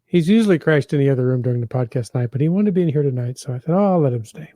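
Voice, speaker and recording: A man co-hosting a casual podcast, relaxed and easygoing, often trailing off. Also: mid-range voice, rapid-fire, dry recording, studio quality. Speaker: podcast co-host.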